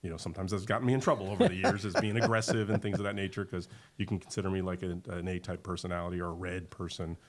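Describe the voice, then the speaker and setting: A middle-aged man, a winery owner, talking as a guest in a casual podcast conversation, an animated and emphatic storyteller. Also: deep voice, very fast, hardly any pauses, a crowd in the background.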